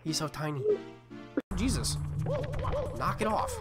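A man streaming a video game, reacting loudly with frequent swearing and excited outbursts. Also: fairly high pitch, measured pace. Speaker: gameplay streamer. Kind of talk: live game commentary. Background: game music.

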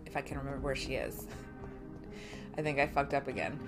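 Low-voiced woman streaming a game. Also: normal speed, faint music behind. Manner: chatty, profane and self-mocking. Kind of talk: casual live gameplay chat.

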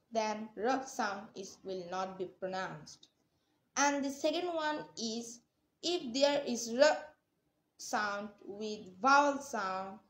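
Slow, careful woman in an echoey room. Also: high voice. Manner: slow, careful, repeats example words. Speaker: language teacher. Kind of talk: pronunciation lesson.

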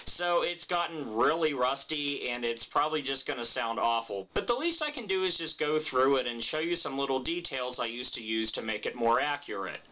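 A man's voice: medium pitch, normal speed, few pauses. A man vlogging casually, joking and blunt, swearing freely as he talks. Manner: animated, joking, blunt and profane. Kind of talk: casual vlog talk. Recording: muffled lo-fi sound.

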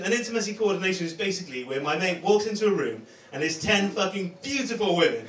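A man performing a stand-up comedy set on a club stage, with a deadpan, self-mocking delivery full of swearing. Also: high-pitched, quick pace, few pauses. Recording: echoey room, distant mic, loud crowd noise.

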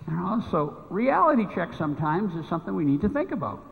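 A man's voice: high voice, big pitch swings, fairly quick, gravelly, hardly any pauses. A man preaching a sermon as pastor, telling stories and acting out both sides of a conversation. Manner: storytelling, acting out dialogue with a child. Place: church sanctuary. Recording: echoey church hall, phone-like thin sound.

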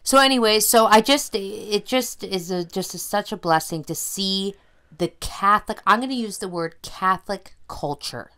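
A woman's voice: mid-range voice, moderate pace, fairly bright tone. A Canadian woman co-hosting a podcast, chatting in a rambling way and laughing easily. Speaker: podcast co-host. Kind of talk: casual chat.

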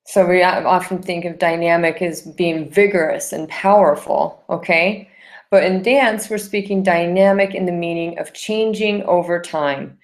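Lecturing woman with a lowish voice. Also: normal speed. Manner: explanatory, frequent "okay?" and "um" fillers; counts out rhythms aloud. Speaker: dance instructor. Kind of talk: classroom lecture. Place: classroom.

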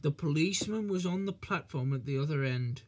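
A man reading a children's storybook aloud in a gentle, measured way. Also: a little high.

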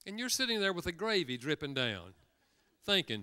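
A man's voice: a little high, very animated, moderate pace, bright, forceful tone, clear, resonant tone. A man preaching a sermon in a church, telling stories and acting out quoted lines, sometimes repeating words as he goes. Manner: storytelling with acted quotes. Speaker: guest speaker.

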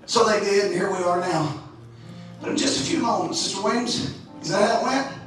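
A Texan man preaching a fiery sermon, swinging between shouts and low asides and stumbling over restarts. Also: fast, soft background music. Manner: shouting, rising and falling, stammered restarts. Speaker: pastor. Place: large church sanctuary. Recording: echoey, distant hall mic.

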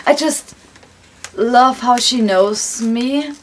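A young woman vlogging casually as she unwraps gifts, gushing and excitable and swearing freely. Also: a little high, extremely slow, slight background noise. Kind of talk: casual unboxing vlog.

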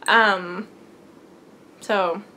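Young woman, knitting podcast host, rambly earnest storytelling, mid pitch, faint low rumble behind. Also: fairly even intonation, very slow, pushed and bright. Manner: rambly, earnest, frequent fillers and laughs. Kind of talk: casual storytelling.

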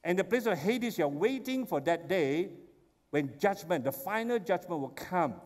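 A man preaching a sermon, telling the story with animated, excited exclamations. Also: high-pitched, normal speed. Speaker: pastor. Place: church sanctuary. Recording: long church hall reverb.

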